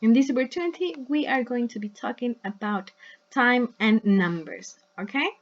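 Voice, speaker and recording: A woman's voice: a little high, highs cut off, a little hiss or hum. A woman teaching an English lesson in a recorded video, modelling words for her students to repeat and checking in with them often. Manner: patient, checks in with "right?" and "yes?"; models words slowly for repetition.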